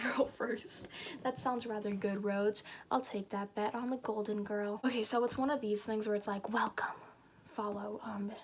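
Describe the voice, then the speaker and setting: A young woman in casual YouTube mode, reading a story aloud and cutting in with blunt, sweary remarks. Her voice sits a little high. She sounds unpolished and offhand. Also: darkish tone, a little hiss or hum.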